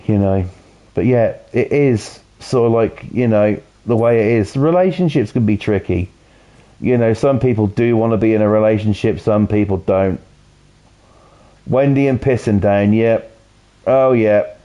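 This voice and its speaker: British guy streaming, low mellow voice, swears a lot and rambles, kinda dull lo-fi mic. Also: a little slow. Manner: rambling, heavy swearing, lots of "you know". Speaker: game streamer. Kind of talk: casual stream chat while playing. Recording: dull lo-fi audio.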